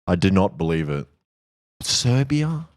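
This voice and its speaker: A man's voice: lowish voice, animated, fairly quick. A young man co-hosting a stream, chatting casually in a laid-back, teasing way. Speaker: streamer co-host. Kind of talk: casual chat.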